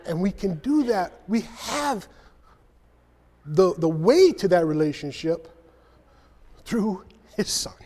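A man's voice: high-pitched, very animated, takes it slowly, pauses often, dark tone. A man preaching a conversational sermon, reading scripture and acting out the quoted voices. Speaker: speaker. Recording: long hall reverb.

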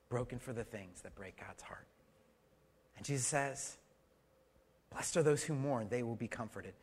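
A middle-aged male pastor preaching a sermon, swinging between loud emphatic lines and soft hushed ones, asking the congregation questions with light humor. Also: mid-range voice, husky.

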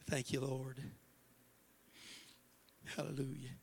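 A male pastor preaching a passionate sermon in a church, moving from hushed words to shouts, with a Midwestern American accent. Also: on the high side, very animated, moderate pace, gravelly, pauses often. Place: church sanctuary.

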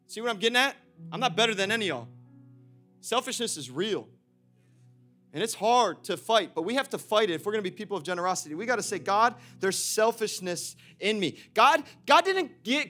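A young man preaching a sermon to his congregation, lively and direct, swinging from loud calls to quiet storytelling and laughing often. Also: very high-pitched. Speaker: pastor.

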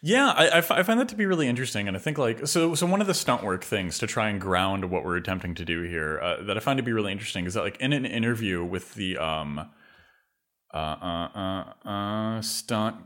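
A man's voice: on the low side, animated, brisk, fairly bright tone. A man co-hosting a podcast, talking movies in a rambling way, full of filler words. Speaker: podcast co-host. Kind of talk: casual film discussion.

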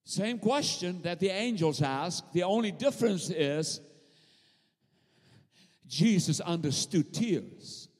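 A man preaching a sermon with fervent, rhythmic repetition and drawn-out emphatic phrases. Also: high voice, animated. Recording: long hall reverb.

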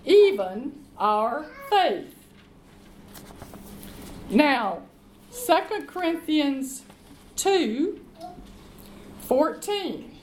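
A woman preaching a sermon, reading scripture slowly and emphatically and calling the congregation to respond. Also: sits high. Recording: echoey room with faint background noise.

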